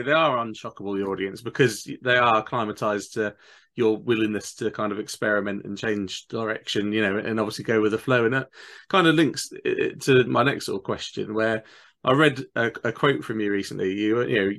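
A man's voice: lowish voice, fairly quick, gravelly, a bit bright. A male interviewer asking long, winding questions, padded with many "you know"s. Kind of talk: casual interview.

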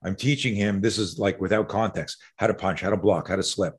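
Husky man, self-defense teacher, animated storyteller who swears freely. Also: low-pitched, a little fast. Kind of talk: conversational storytelling.

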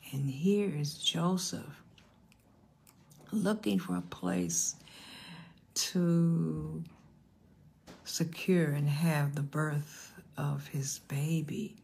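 Gravelly older woman preaching, hushed asides. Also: low voice. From United States. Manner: storytelling, drops into hushed whispers for emphasis. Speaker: pastor. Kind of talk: sermon.

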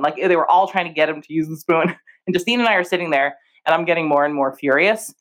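Telling stories on a podcast she co-hosts, this young adult woman chats casually, laughs a lot and acts out quoted lines in different voices. She has a low-pitched voice and talks fast.

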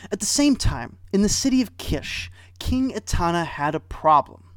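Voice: mid-range voice, big pitch swings, moderate pace, no room sound. A storyteller retelling an old myth with wry asides and dry humor.

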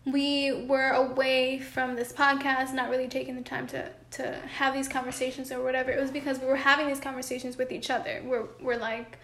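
A woman's voice: high-pitched, little pitch movement, brisk, hardly any pauses, a bit bright, echoey room, slight background noise. A woman co-hosting a podcast, chatting earnestly about relationships in long flowing sentences, at home with her cat. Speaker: podcast co-host.

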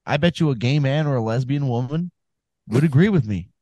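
A man's voice: medium pitch, expressive, a little fast, warm tone, no room sound, muffled recording. A man co-hosting a sports podcast in casual chat, tired, self-mocking and swearing freely. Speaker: podcast co-host.

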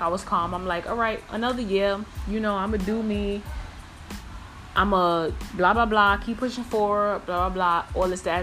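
A young woman hosting her own podcast, talking in a rambling, casual, slangy way. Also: medium pitch. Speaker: podcast host.

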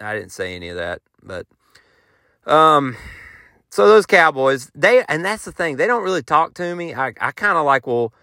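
A man's voice: on the high side, very animated, moderate pace, pushed and bright, no room sound, clean studio sound. A man hosting a podcast, telling a rambling, self-mocking story in a folksy, casual way. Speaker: podcast host and touring musician.

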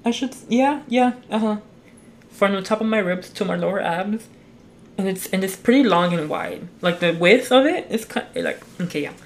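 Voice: medium pitch, lively intonation, normal speed, slight background noise. A young adult hosting a solo podcast into a mic, chatting casually, rambling with lots of restarts and constant swearing. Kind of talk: casual chat. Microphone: talking into a mic.

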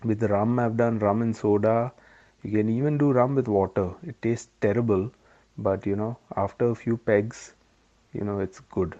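A man's voice: lowish voice, steady tone, normal speed. A middle-aged man, co-hosting a casual podcast chat over drinks, reflective and given to digressions. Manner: reflective, digressive, warmly chatty. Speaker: podcast co-host. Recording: slightly dull lo-fi audio.

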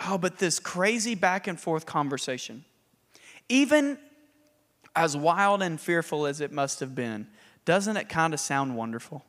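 Male pastor, lively sermon delivery, high voice, hall reverb. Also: measured pace. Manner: animated, laughing, acts out scripture.

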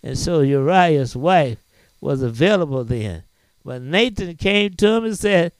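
Preacher man, amen-heavy sermon, dry close sound, very animated. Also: fairly high pitch, unhurried, clear, resonant tone, no room sound. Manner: preaching with frequent amens and hallelujahs; dramatic retelling with rising cries. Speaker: pastor.

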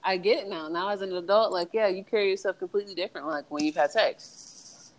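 A woman's voice: medium pitch, brisk, rough recording. A young woman in casual chat, telling frank personal stories with lots of laughter and acted-out quotes. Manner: animated storyteller, laughs often, acts out quotes.

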